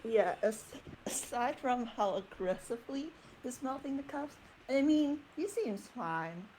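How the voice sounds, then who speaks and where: A woman's voice: a little high, measured pace, slight background noise, low-quality recording. A woman playing a tabletop role-playing game and narrating her character's actions in casual chat. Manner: animated storytelling with fillers. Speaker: player.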